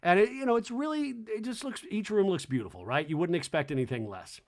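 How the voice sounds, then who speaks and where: A man hosting a podcast, giving a casual, comedic TV recap in a rambling, animated way with lots of "like". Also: sits high, a little fast. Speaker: podcast host.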